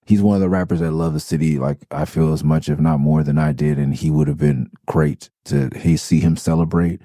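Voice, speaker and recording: A middle-aged podcast host from Los Angeles rambles through a story in a very low, gravelly voice, swearing freely and restarting his sentences. His tone is dark and mellow, recorded close and dry with no room sound. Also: fairly even intonation, brisk, no room sound. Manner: loose, profane, rambling with restarts. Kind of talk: casual storytelling monologue.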